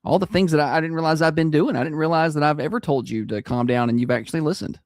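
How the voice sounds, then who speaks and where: A man's voice: on the high side, fast, dry recording, studio quality. A man hosting a radio morning show, joking and teasing his co-host in casual banter.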